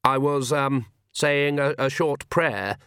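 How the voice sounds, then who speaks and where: A man's voice: mid-range voice, slow pace, fairly bright tone, smooth, dry recording, studio quality. A man voicing a nervous, earnest young male priest who halts and hesitates with many ums as he speaks. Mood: earnest, hesitant.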